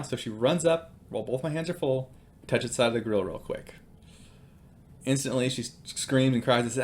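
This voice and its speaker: A man in his thirties gives a relaxed devotional talk at a middle pitch, sharing family stories in a chatty, filler-laced way. Faint noise hums in the background. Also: brisk. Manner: conversational, with fillers and storytelling. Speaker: Christian speaker.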